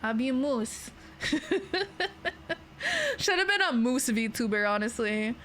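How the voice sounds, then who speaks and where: Livestreaming from her bedroom, a young adult Canadian VTuber talks at normal speed in a fairly high, expressive, fairly bright voice with a Canadian accent. Her casual chat is rambling, playful and full of laughter, over slight background noise.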